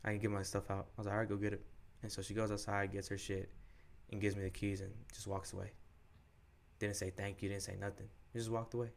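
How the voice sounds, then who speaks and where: A young man with a low voice tells a personal story on a podcast. His delivery stays flat and level as he talks in candid, slangy, cuss-heavy speech, acting out what each person said. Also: fast talker, vocal fry. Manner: slangy, profane, frank retelling with quoted dialogue. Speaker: podcast co-host.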